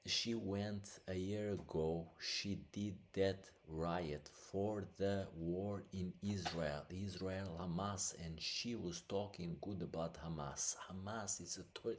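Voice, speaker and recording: A man hosting a podcast, giving impassioned opinionated news commentary, halting often with restarts and fillers. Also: sits low, a little hiss or hum. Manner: impassioned and agitated. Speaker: podcast host.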